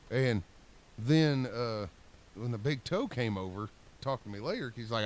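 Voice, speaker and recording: Male podcast co-host, casual storyteller with a lively, swinging pitch and loose, rambling delivery. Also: moderate pace. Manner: rambling, animated storyteller acting out quotes.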